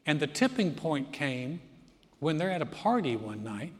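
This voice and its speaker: A man's voice: on the high side, sing-song, measured pace. Male pastor, middle-aged, storytelling sermon, funny acted-out voices, long reverb in the sanctuary. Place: church sanctuary.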